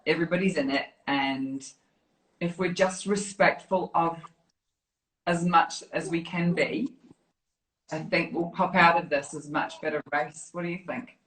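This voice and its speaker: A woman's voice: low voice, a little slow. Chatty woman on a roomy live call. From New Zealand. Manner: animated, chatty, laughs often. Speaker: fitness program director. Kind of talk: casual live chat. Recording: roomy echo.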